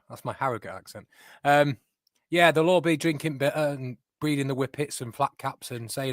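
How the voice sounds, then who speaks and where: A man's voice: mid-range voice, brisk, dry recording. A man on a fan podcast panel chatting casually with wry sarcasm. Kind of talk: casual chat.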